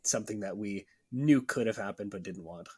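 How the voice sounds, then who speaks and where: A man's voice: fairly low pitch, fairly quick, a little mellow, husky. A man co-hosting a podcast, giving thoughtful comments about a film. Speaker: podcast co-host. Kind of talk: casual movie discussion.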